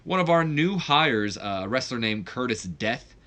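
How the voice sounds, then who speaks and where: A man's voice: mid-range voice, animated, moderate pace, fairly bright tone. A young man casually talking through a wrestling management game for his channel, rambling and correcting himself as he goes. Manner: rambling, self-correcting, chatty. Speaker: gaming YouTuber.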